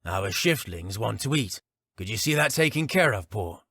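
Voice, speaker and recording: Man as a guarded, measured male captain. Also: on the low side, big pitch swings, sharp tone, dry recording, full character voice. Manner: measured, restrained, polite.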